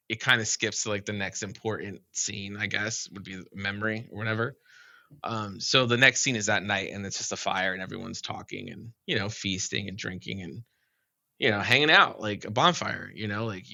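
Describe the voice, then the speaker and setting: Gravelly, bright-toned man telling a story. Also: fairly low pitch, no room sound, highs cut off. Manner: rambling, full of "like" and "you know". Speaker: podcast guest. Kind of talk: casual storytelling.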